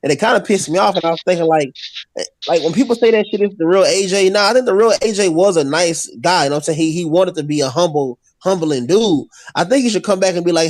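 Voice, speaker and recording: A man talking at a fast clip in a casual call-in chat, ranting with plenty of swearing. His voice sits a little high and sounds dry and close. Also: no room sound. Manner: rapid, profane, animated ranting. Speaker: podcast co-host.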